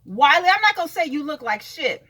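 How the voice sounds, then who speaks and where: A woman's voice: sits high, big pitch swings, fairly quick, bright, forceful tone. A woman venting in a casual video rant, blunt and sassy, cursing freely and talking straight to people she calls out. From California. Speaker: vlogger.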